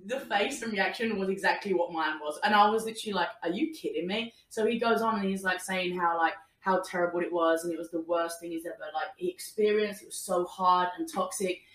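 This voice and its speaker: A young woman telling a story in casual chat, animated, acting out what people said and laughing often. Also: lowish voice, fairly quick, few pauses, recorded from a distance. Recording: roomy, a little off-mic.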